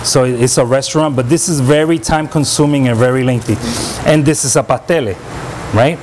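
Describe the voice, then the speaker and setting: A man's voice: medium pitch, brisk, background noise. A man who cooks at a restaurant, walking through a dish step by step in a casual way and often checking in with "right?". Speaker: restaurant cook. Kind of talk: casual kitchen demonstration. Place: restaurant kitchen.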